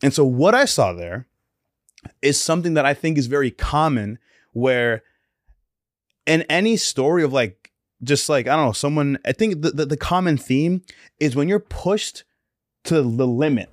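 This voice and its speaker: A man's voice: fairly high pitch, animated, normal speed, long pauses, no room sound, studio quality. A young man co-hosting a casual faith podcast, telling stories in a laid-back way with lots of slang and fillers. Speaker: podcast co-host.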